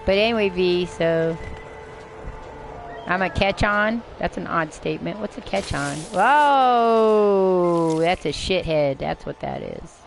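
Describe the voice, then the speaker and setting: An older woman streams a game over its music, rambling through commentary to herself and her viewers and swearing now and then. Her voice sits on the low side, creaky and measured, with a slight hiss or hum.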